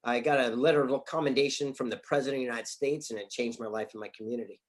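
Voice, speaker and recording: A man's voice: mid-range voice, fairly even intonation, fast talker. A middle-aged man telling anecdotes as an interview guest, sometimes laughing through the punchlines. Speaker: guest author and speaker. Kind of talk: interview storytelling.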